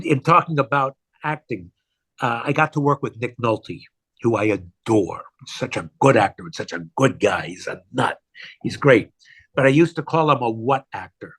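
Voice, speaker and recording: A man, an actor, talking about his work in a conversational interview, animated and self-deprecating. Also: medium pitch, husky. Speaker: actor guest.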